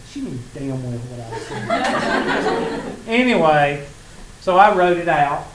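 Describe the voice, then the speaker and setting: A Southern-accented man with a fairly high, sing-song voice teaches a college math class at a measured pace, telling stories and joking with his students in a folksy, teasing way. The recording picks up an echoey classroom with faint ambience and a noisy background.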